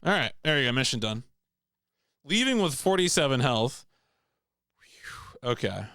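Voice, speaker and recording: A man's voice: medium pitch, big pitch swings, moderate pace, bright, forceful tone, no echo, faint music behind. A young man giving casual commentary while playing a video game, rambling and leaning on filler words. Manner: rambling, many "like" fillers, laughs to himself. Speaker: let's play host.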